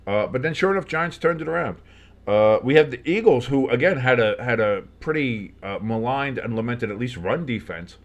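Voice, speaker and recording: A man's voice: medium pitch, expressive, moderate pace. Male fan calling games play-by-play, chatty, loose, lots of fillers, leaps up when plays break open. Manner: rambling, many fillers, jumps up on big plays. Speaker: sports fan commentator. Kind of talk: casual play-by-play with reactions.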